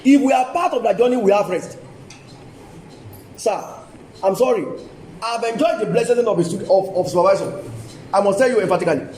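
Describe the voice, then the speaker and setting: A man's voice: high-pitched, brisk, pauses often, darkish tone, slight background noise. An older man with a Nigerian English accent giving an emphatic seminar talk, repeating key phrases and coaxing the audience. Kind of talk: lively seminar lecture to colleagues. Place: university lecture hall. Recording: echoey hall from a distance, faint ambience.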